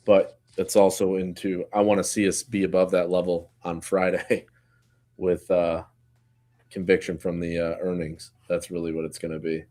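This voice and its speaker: A man co-hosting a live trading stream in relaxed casual chat, recounting his own trades. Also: sits low, moderate pace.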